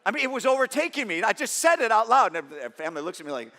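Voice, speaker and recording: A middle-aged man preaching a sermon as pastor, conversational and animated, with self-deprecating stories. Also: high voice, racing. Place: large church auditorium. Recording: long reverb of a church hall.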